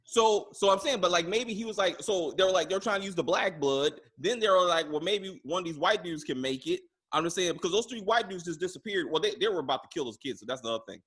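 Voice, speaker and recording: A man's voice: sits high, expressive, quick pace, hardly any pauses, a bit bright, breathy edge. A man hosting a casual TV recap podcast, rambling loosely with profanity and asides. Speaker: podcast host.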